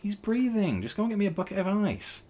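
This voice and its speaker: A cocky young hedgehog hero from a storybook, as a man voices him. He snaps out slang in a raised, lively voice that keeps a husky grain. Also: high voice, quick pace, pitched above the performer's own voice. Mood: commanding. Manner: snappy, slangy.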